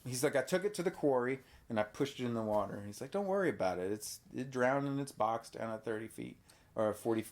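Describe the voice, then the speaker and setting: A man's voice: mid-range voice, fast talker. Man animatedly retelling a horror film. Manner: animated retelling, acts out characters with yelps. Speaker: podcast host. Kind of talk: casual movie chat with a child.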